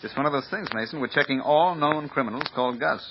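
A man's voice: medium pitch, fast, slight background noise, natural voice. An actor playing a clipped, businesslike male police lieutenant in a 1950s radio drama. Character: brisk, matter-of-fact male police lieutenant. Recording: dull lo-fi old radio recording.

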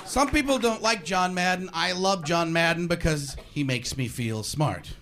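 A man doing a stand-up comedy routine in an animated way, slipping into mock voices, with audience laughter behind him. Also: a little high, normal speed, slight background noise. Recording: live club set with crowd.

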